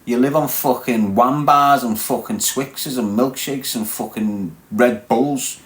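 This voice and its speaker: A Scouse man in his forties talks on a live stream, brash and loud-mouthed. He swears freely and mocks his viewers with crude humor. His voice sits at an ordinary middle pitch for a man. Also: slow pace. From Liverpool, England. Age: 40s.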